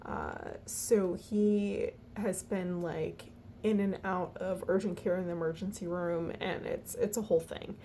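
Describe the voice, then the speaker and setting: A woman walking through her family budget in a casual, halting way, tired and yawning, with lots of fillers. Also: lowish voice, steady tone, dark tone, a little hiss or hum. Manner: chatty, halting, many fillers and restarts. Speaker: budgeting vlogger.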